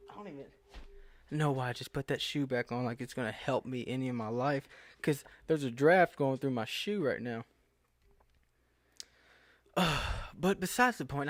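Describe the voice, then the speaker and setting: Speaking at a normal speed in an expressive mid-range voice, a young Southern American man gives rambling, casual commentary to camera, derailing himself and turning incredulous. The screen recording is clean and studio-like, free of echo.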